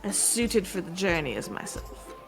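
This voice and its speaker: A woman voicing a proud, wary male ship captain who speaks in a measured, formal way. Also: on the low side, very animated, gravelly, faint music behind. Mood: stern. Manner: measured, formal, deliberate speech.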